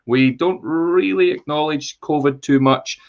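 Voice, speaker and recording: A man hosting a podcast, chatty and quick to laugh in casual banter. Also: a little high. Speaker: podcast host. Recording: slightly dull, lo-fi sound.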